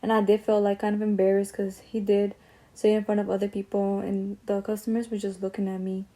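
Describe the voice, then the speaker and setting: A young woman talks through a story while she does her makeup. She is chatty and slangy, with asides and tangents. Her voice is mellow and soft rather than bright, at a middling pitch. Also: level tone, fairly quick. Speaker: beauty vlogger. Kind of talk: casual story time while doing makeup.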